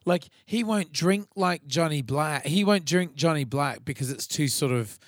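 Swearing Australian bloke on a podcast. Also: male voice, a little high, animated, normal speed, dry recording, studio quality. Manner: swearing, rambling banter. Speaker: podcast co-host. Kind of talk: casual chat.

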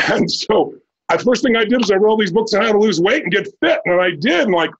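A man in his sixties from Southern California, a podcast guest telling his life story in an animated way, acting out the dialogue. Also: high-pitched, quick pace, husky, highs cut off. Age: 60s. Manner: animated, acts out quoted dialogue in a raised voice.

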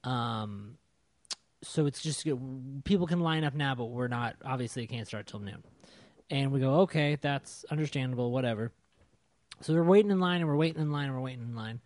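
A man's voice: mid-range voice, a little fast, no echo. Swearing, storytelling man in a dry room. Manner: animated storyteller, swears a lot, exasperated. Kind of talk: casual chat.

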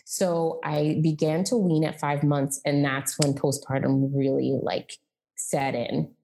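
A woman's voice: deep voice, flat delivery, takes it slowly, vocal fry, mellow, a little hiss or hum. A woman in her thirties telling her personal story as a podcast guest, candid and chatty, with lots of "like" and "um". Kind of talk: casual conversational storytelling.

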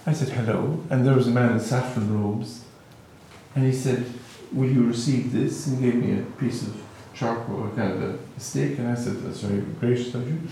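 A man with an Irish accent, a native Gaelic speaker, giving a reflective spiritual talk in a musing, gently humorous storytelling manner. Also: mid-range voice, fairly even intonation, moderate pace, creaky, a little hiss or hum. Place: hall with a live audience. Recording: very echoey hall, mic far off.

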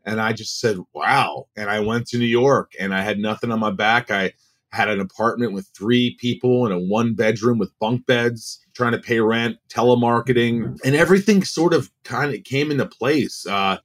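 Animated man telling stories. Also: mid-range voice, moderate pace. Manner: animated, acts out quoted voices. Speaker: guest actor. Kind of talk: casual storytelling.

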